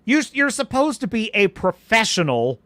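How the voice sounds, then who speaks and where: With a high-pitched voice at normal speed and no echo, this man hosts a live stream as a podcast host, chatting loosely and taking viewer questions. His delivery is animated and meandering, with frequent sentence restarts.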